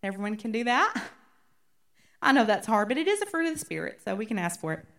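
A woman's voice: a little high, very animated, fast talker, a bit bright. Woman teaching a women's Bible study. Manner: conversational, often checking in with "okay?".

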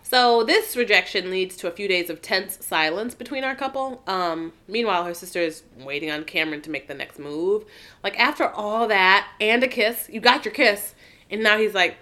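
Bright-voiced young woman recapping a movie. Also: medium pitch. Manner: laughing, playful, acts out characters in quick quotes. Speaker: podcast co-host. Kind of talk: casual chat recapping a movie.

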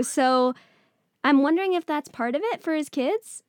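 A woman's voice: high-pitched, unhurried, dry recording, studio quality. A woman co-hosting a podcast, chatting casually about a movie, laughing often and saying "like" a lot. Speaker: podcast co-host.

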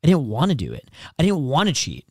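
Young man, podcast co-host, rapid-fire, profane, confessional, slightly high voice, dry close sound. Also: huge pitch swings, no echo. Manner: fast, profane, confessional, acts out quotes. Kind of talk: candid casual chat.

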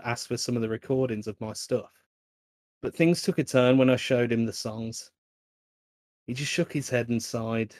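A man's voice: medium pitch, darkish tone, no room sound. Dry-voiced man swearing through podcast banter. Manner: swears a lot, rambling with fillers and laughs. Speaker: podcast co-host.

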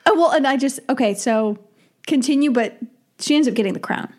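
High-voiced woman laughing through a film review. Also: fairly quick, darkish tone. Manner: laughs often, quotes dialogue mockingly. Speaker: podcast co-host. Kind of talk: casual film review chat.

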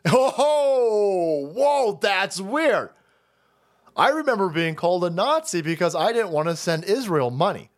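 A man hosts a live stream in a fiery, profane rant. His voice swings widely between high and low as he mocks and scoffs. The delivery stays loose, heated and unscripted. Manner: profane, heated, mocking rant with frequent laughs. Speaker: streamer host. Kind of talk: ranting live-stream commentary.

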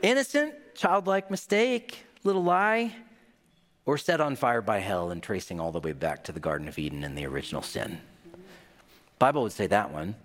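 Animated male pastor in a reverberant hall. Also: on the low side, normal speed. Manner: animated storytelling with acted-out quotes. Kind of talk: sermon. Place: large hall.

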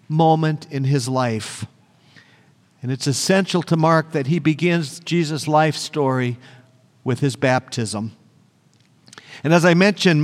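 A male pastor preaching a sermon, earnest and emphatic, repeating phrases for weight. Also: on the high side. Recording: long church reverb.

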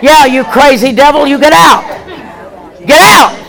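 With a high-pitched voice edged by vocal fry, a woman evangelist keeps a measured pace as she shouts forceful commands during a deliverance prayer session. The large meeting hall has some chatter behind her as she leads call-and-response.

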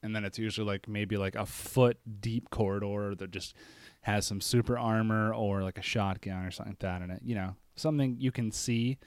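Low-voiced man chatting haltingly. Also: fairly even intonation, clean tone, no room sound, studio quality. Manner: halting, lots of "like" fillers. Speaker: podcast co-host. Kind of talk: casual chat.

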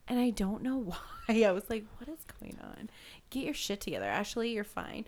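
A woman's voice: mid-range voice, big pitch swings, brisk, darkish tone. A woman in her thirties co-hosting a casual chat, rambling and self-deprecating, laughing often. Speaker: podcast co-host.

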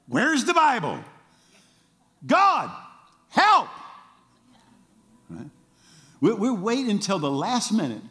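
A middle-aged man, a pastor preaching a sermon and telling a story, who acts out the voices he quotes. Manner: animated storytelling, acts out quoted voices with big pitch jumps.

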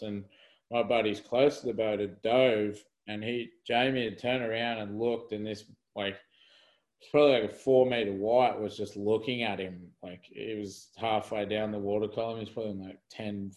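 A man's voice: lowish voice, poor audio. A young man telling a story as a podcast guest over a video call, rambling with lots of fillers and laughs. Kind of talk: casual storytelling in conversation.

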